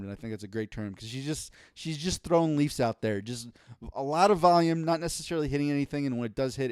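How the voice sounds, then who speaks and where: A man's voice: medium pitch, darkish tone, clear, resonant tone, no room sound, clean studio sound. A man co-hosting a casual podcast, ranting with exasperation and lots of swearing. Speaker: podcast co-host.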